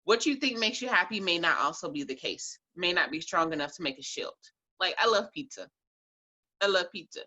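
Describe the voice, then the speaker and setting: A woman's voice: lowish voice, lively intonation, fairly quick, sharp tone. A woman who runs a Reiki and herbal business, answering interview questions in a blunt, chatty way and laughing often.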